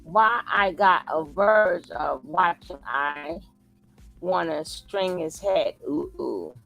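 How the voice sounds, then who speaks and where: Her voice is fairly low and gravelly, her pace slow, with soft music in the background. This woman reacts live in a casual way, answering her chat as she reads it. Quoted lines get acted out over and over, each in a different animated voice.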